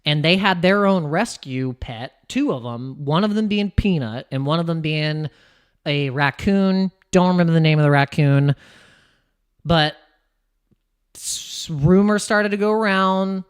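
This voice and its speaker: A man's voice: a little slow, smooth. Rambling American man streaming crypto chat. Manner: rambling, restarts, laughs, animated swings in pitch. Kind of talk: casual livestream chat.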